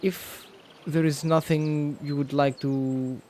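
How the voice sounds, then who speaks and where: A man voicing a curt, impatient male hunter in a tabletop role-play, speaking slowly and in a measured way. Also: a little high, level tone, darkish tone, a little hiss or hum. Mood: annoyed.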